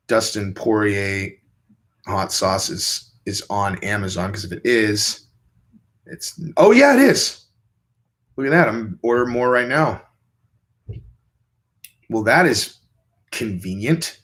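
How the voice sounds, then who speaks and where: A young man hosting a casual livestream, reading viewer questions and rambling in a crude, offhand way. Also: fairly bright tone. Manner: rambling, crude, jumps into high mocking voices when quoting. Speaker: livestream host.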